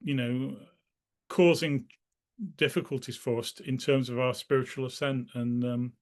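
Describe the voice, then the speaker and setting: Speaking a little slowly, this man reminisces loosely during an interview, often breaking off to begin sentences again and voicing the characters in his stories. His pitch is medium, his tone steady and somewhat dark.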